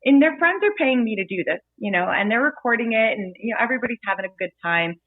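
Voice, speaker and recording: A woman bartender telling lively, playful stories as a guest in a casual interview. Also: a little high, fast talker, no room sound. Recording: dry phone-like audio.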